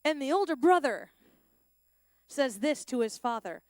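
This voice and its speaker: A woman giving a lively sermon at a school chapel, acting out the lines of the story's characters. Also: high-pitched, moderate pace, no echo, clean studio sound. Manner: animated, plays out the characters' lines. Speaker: chapel speaker.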